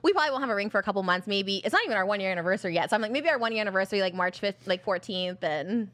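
A woman chatting on a podcast, excitable and gushing, filling her talk with "like.". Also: medium pitch, racing. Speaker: podcast guest. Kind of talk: casual chat.

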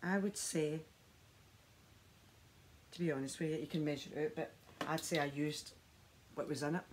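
A woman's voice: low voice, steady tone, moderate pace, a little hiss or hum. A woman vlogging a skincare demonstration at home, chatty and enthusiastic as she talks straight to her viewers on the camera mic. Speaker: beauty vlogger.

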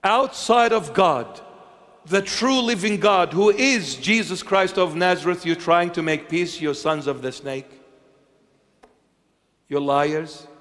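A man preaching a sermon as a bishop, slow and emphatic, asking rhetorical questions and swinging between hushed lines and loud ones. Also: high voice, big-room sound.

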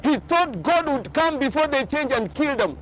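High-voiced pastor preaching. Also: male voice, expressive, moderate pace, fairly bright tone, low-quality recording. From Kenya. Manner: emphatic preaching with repeated phrases. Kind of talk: sermon. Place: outdoors on a boat by the ocean.

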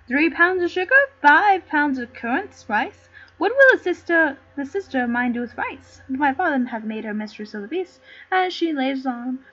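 A woman's voice: sits high, a bit bright. A woman voicing a simple, good-natured young country lad who bumbles along and counts things aloud, on a dull lo-fi recording.

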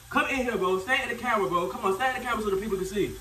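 A man's voice: high-pitched, racing, distant mic. A young man teasing his partner and boasting during a spicy chip challenge, laughing and talking while his mouth burns. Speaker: vlogger. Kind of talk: casual teasing vlog banter. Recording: roomy sound from off-mic with loud background noise.

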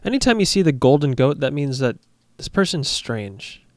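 A man's voice: fairly high pitch, moderate pace, faint music behind. A young man giving casual, jokey commentary over a football video game, talking straight to his viewers. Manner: jokey, excitable, talks to viewers. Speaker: gaming YouTuber.

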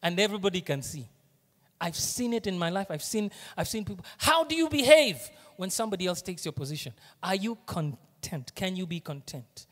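Kenyan male pastor, high voice, lively sermon delivery, echoing hall. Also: brisk. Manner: animated preaching, shifts between hushed asides and loud emphasis. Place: church auditorium.

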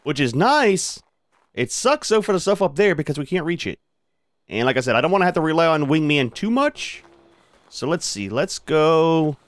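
A man's voice: a little high, lively intonation, normal speed, dry recording. A man hosting a gaming channel, giving casual commentary as he plays and chatting to his creatures in a laid-back way.

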